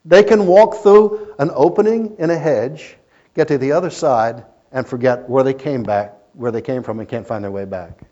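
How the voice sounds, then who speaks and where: A man preaching a sermon as a pastor, telling stories and swinging between loud emphasis and quiet asides. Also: mid-range voice, moderate pace. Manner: storytelling preacher, rising and falling in intensity. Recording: muffled lo-fi recording.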